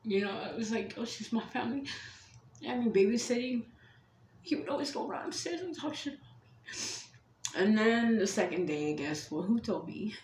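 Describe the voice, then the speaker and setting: A mother telling a painful personal story, swearing often and shifting between hushed whispers and loud outbursts. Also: fairly high pitch, lively intonation, normal speed, pauses often, reverberant, slight background noise.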